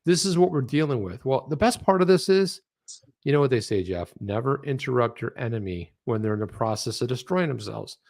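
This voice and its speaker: A man's voice: medium pitch, a little fast, vocal fry. A man co-hosting a crypto talk livestream, talking casually and sarcastically, often slipping into mocking quoted voices. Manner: animated, sarcastic, mimics people in quoted voices. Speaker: co-host of a crypto talk show.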